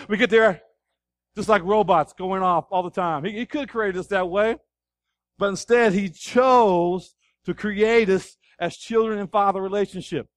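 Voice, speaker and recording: A man preaching a sermon as pastor, animated, asking the congregation questions and acting out scenes. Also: sits high, moderate pace, no room sound. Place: church.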